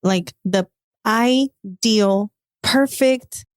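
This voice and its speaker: Woman host, mid-pitched, chatty and emphatic, dry close sound. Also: extremely slow, no room sound. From United States. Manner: chatty, emphatic, asks follow-up questions. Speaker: podcast host. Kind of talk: casual podcast chat.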